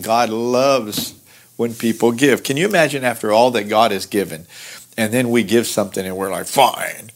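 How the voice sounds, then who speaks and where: A man teaching through a Bible passage in an earnest, conversational way, explaining verses with lively asides. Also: fairly low pitch. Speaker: pastor teaching Bible study.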